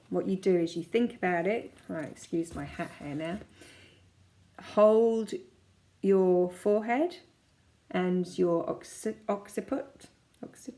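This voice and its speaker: A woman in her forties, a kinesiology practitioner, chatting casually as she guides listeners through calming exercises step by step. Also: on the low side, vocal fry. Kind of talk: casual self-help teaching.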